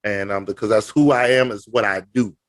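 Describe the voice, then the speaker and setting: A man co-hosting a sports podcast, boastful and animated, halting with many fillers. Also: fairly low pitch, dry recording. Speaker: podcast co-host. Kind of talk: casual sports podcast chat.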